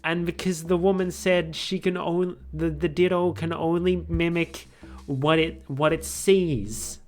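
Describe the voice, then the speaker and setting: A man's voice: fairly high pitch, fairly even intonation, unhurried, soft background music. A man casually streaming a video game, chatty and amused, thinking aloud as he plays. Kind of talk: casual gaming stream commentary.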